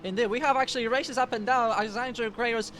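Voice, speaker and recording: A man with a high voice co-commentates a virtual motor race live, steady and analytical as he tracks positions. Faint noise hums behind him. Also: fast. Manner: steady analytical, opens turns with "indeed". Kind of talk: live sim racing commentary.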